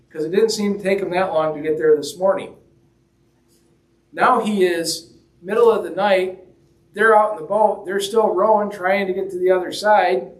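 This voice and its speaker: A man preaching a sermon in a conversational, joking way, acting out the quoted lines as he goes. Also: high voice. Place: church hall. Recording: roomy echo, mic at a distance.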